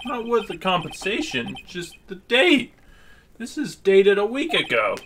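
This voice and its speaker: A man's voice: high voice, big pitch swings, unhurried, fairly bright tone, slight background noise, full character voice. A man voicing an earnest young male defense lawyer in game dialogue, pressing with pointed questions. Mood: accusing.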